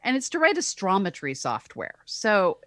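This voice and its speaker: A woman's voice: medium pitch, wildly swooping pitch, moderate pace, fairly bright tone, dry recording. A woman co-hosting a casual science podcast as an astronomer, explaining with wry, sarcastic asides. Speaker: co-host, astronomer.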